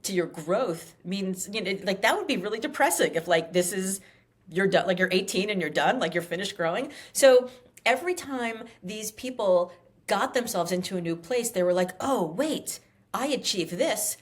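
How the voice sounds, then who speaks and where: A woman in her fifties talks as a guest author in a casual interview. She is animated and emphatic and keeps slipping into acted-out quotes. Her voice sits at a middle pitch. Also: normal speed. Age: 50s.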